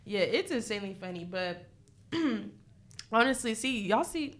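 A woman's voice: on the high side, expressive, unhurried. A young woman co-hosting a podcast, talking in a casual, slangy way with lots of fillers and frequent laughter. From Caribbean family. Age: young adult. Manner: chatty, slangy, laughs often, many fillers. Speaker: podcast co-host. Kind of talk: casual chat.

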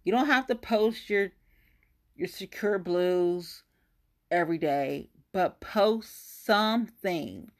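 A woman talks straight to her audience in a loose, swearing rant, exasperated and blunt. Her pitch sits on the low side but swings widely as she vents. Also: very animated, unhurried. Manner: profane, exasperated, talks to the viewer directly. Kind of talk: casual rant monologue.

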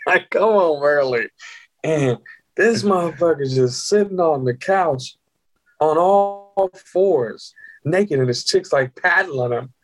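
A man guest on a casual podcast tells a wild story with plenty of swearing and laughter. His voice is husky and pitched a little high. He swings his pitch widely as he acts out each scene. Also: slow. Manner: animated, profane, laughing as he tells stories.

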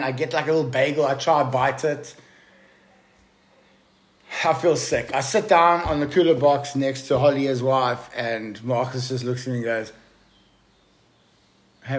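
A man's voice: mid-range voice, normal speed. A man telling a story casually to a podcast host, swearing freely and calling him bro. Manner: profane, excitable storyteller addressing the listener as bro. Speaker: podcast guest.

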